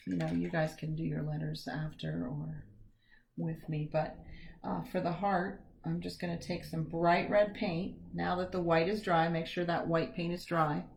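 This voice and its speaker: A woman's voice: lowish voice, creaky, a bit bright. A woman teaching a live step-by-step painting lesson from home, chatty and self-deprecating, with corny jokes. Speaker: art teacher.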